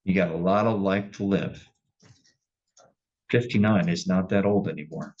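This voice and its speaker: A man's voice: low voice, moderate pace, a little mellow. A male judge giving stern, plainspoken sentencing remarks in a courtroom, often restarting his sentences. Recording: dull lo-fi courtroom recording.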